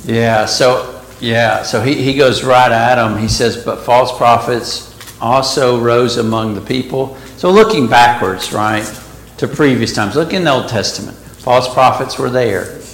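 A man with a gravelly, creaky voice teaching a Bible study. He reads verses aloud and breaks off to explain them in a casual way. The room is echoey, with a faint hiss behind him. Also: medium pitch, measured pace.

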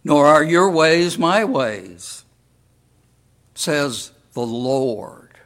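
A man preaching a sermon as pastor, deliberate and full of rhetorical questions to the congregation. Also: fairly high pitch, animated, a bit bright.

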